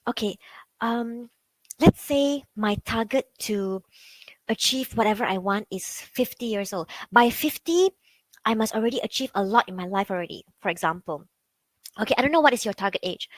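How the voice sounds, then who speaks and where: A woman's voice: fairly high pitch, no room sound, rough recording. A woman with a Malaysian English accent giving a chatty talk as a psychology coach, often saying "like" and asking her listeners questions. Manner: chatty, peppers speech with "like", asks the audience questions. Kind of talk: conversational online talk.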